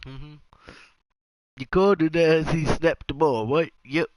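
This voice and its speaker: A man giving casual, jokey commentary over a football video game, acting out the players in quick asides. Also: a little high, fairly even intonation, dry recording, poor audio. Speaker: gaming commentator.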